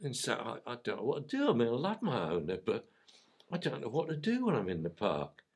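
A man's voice: medium pitch, wildly swooping pitch, fairly quick, a little mellow, breathy edge. A man voicing a worried young male puppy with a London accent, rambling anxiously about his owner.

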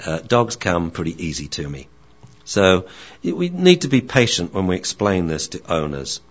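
A man teaching dog training in a lecture, animated and acting out barks and dialogue. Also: deep voice, normal speed. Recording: dull lo-fi recording.

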